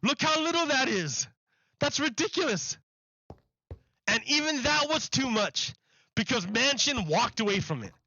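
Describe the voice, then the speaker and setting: High bright-voiced man ranting on stream. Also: big pitch swings, measured pace, long pauses, highs cut off. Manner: emphatic, repeats himself, mocking. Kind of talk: live-stream political rant.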